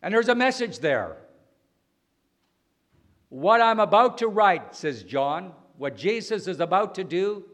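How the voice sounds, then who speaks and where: A man preaching a sermon, slow and deliberate, swinging between loud emphatic lines and quiet ones. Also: sits high.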